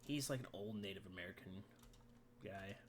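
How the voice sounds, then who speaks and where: A man's voice: sits low, noisy background. A man co-hosting a casual gaming podcast, rambling and swearing freely. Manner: profane, rambling, quick reactions. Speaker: podcast co-host.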